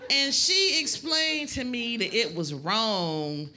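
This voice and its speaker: A woman doing a stand-up comedy set, telling a story in a sassy way with big pitch jumps when she quotes people. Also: big pitch swings, takes it slowly, bright, forceful tone.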